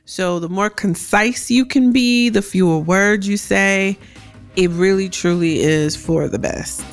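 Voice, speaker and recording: A woman hosting a career advice podcast, talking directly with a deep voice that carries, animated and quick to laugh. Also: soft background music. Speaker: podcast host.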